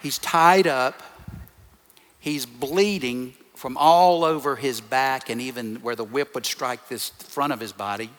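A pastor with a mid-range, slightly bright voice preaches to his congregation at a measured pace. He speaks emphatically, stacking up short repeated phrases, and the recording carries the long reverb of a large hall.

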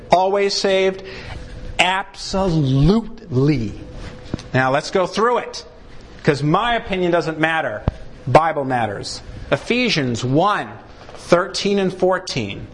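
A man preaching a sermon, acting out short exchanges and punching key words for emphasis. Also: slight background noise. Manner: animated preaching, swings pitch widely for emphasis; acts out short dialogues between God and a sinner. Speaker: pastor.

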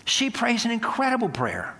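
A man's voice: very high voice, huge pitch swings, moderate pace, pushed and bright. A man preaching, telling a folksy story and acting out the dialogue. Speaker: pastor. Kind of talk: sermon storytelling. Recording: long hall reverb.

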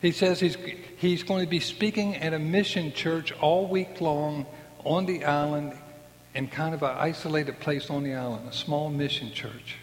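A man in his sixties gives an earnest personal faith testimony, voicing the people in his story as he goes. His voice is a little high, with a steady tone and normal speed, and the recording carries a long hall reverb.

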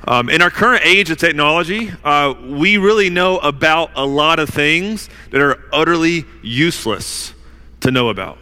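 Bright-voiced male pastor preaching in a hall. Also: fairly high pitch, clean tone. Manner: conversational preaching with fillers, dramatic slowed emphasis. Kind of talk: sermon. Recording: long hall reverb.

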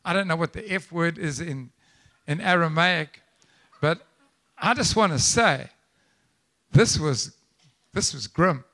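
Lively, bright-voiced preaching man. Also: on the high side, slow pace, pauses often. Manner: animated, conversational preaching with asides and rhetorical questions. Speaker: pastor. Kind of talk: live sermon. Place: church service.

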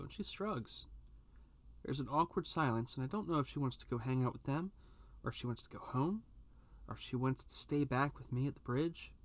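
A man reading a first-person story aloud, with an expressive delivery that rises at tense moments. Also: medium pitch, no echo. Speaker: narrator.

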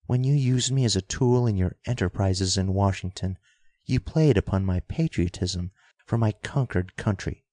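A man's voice: deep voice, moderate pace, dark tone, dry recording. A man doing a desperate, defiant young woman. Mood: impassioned. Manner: impassioned, urgent.

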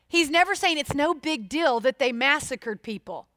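A woman preaching a sermon, expressive and putting questions straight to her listeners. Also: high-pitched, moderate pace, few pauses, dry recording, studio quality.

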